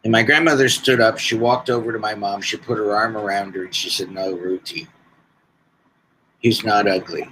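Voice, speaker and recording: Guy in his 60s telling his story slow, bright low voice, faint hum behind. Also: steady tone, rough recording. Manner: slow, deliberate storytelling with pauses. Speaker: podcast guest. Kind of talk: personal storytelling.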